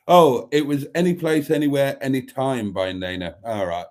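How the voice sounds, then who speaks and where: Speaking at a measured pace in a slightly mellow mid-range voice, a middle-aged man hosts a casual live chat and reads out comments from viewers. He's constantly giggling and breaking into laughter.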